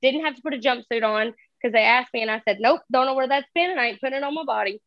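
Casting: high-pitched woman, animated and profane storyteller, dry dull recording. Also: quick pace, no room sound. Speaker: guest telling a story. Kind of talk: casual storytelling chat.

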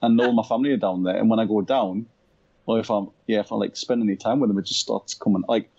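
A man's voice: lowish voice, fairly even intonation, fast talker, a little mellow, slightly rough. A man from Yorkshire co-hosting a podcast, telling rambling anecdotes with plenty of laughter. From Yorkshire, England. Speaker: podcast co-host. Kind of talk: casual chat. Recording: dull lo-fi sound.

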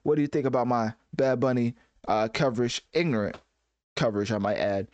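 A man's voice: mid-range voice, a little fast, darkish tone, no echo, highs cut off. A man giving casual, joking reaction commentary on a music album, self-mocking and full of fillers like "right?" and "you know.".

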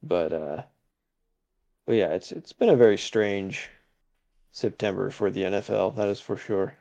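A man's voice: lowish voice, expressive, a little slow, gravelly, dark tone. A man co-hosting a casual sports podcast, talking hesitantly with many fillers and chuckling asides. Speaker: podcast co-host.

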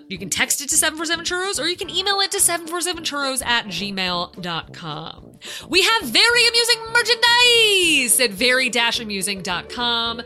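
A woman hosting a podcast outro, bubbly and quick to laugh. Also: fairly high pitch, sharp tone. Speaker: podcast host.

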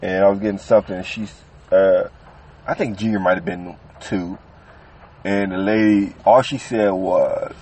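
A man's voice: low voice, steady tone, moderate pace, a little mellow, distant mic. A man co-hosting a podcast, talking in a laid-back, conversational way as he tells stories. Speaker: podcast co-host. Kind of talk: casual chat.

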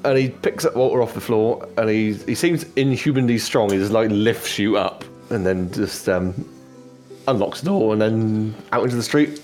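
A man narrating a tabletop game as game master, relaxed and rambling. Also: on the low side, moderate pace, faint music behind. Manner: relaxed, rambling, many fillers.

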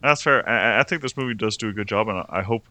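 A man's voice: lowish voice, quick pace, sharp tone, dry recording. A young man co-hosting a casual film review podcast, rambling and restarting his sentences often. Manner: rambling, restarts often, laughs between points. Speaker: podcast co-host.

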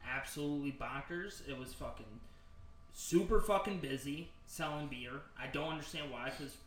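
A man's voice: fairly high pitch, moderate pace, a bit bright. A young man co-hosting a podcast, telling rambling stories with a lot of swearing. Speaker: podcast co-host. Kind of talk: casual chat. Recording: roomy, distant mic with crowd noise.

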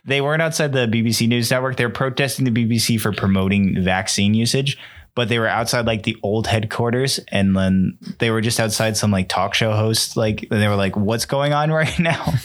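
Podcast co-host, male, lower voice, loose and rambling, heavy on fillers. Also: fairly even intonation, brisk. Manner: rambling storyteller, many fillers. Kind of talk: casual chat.

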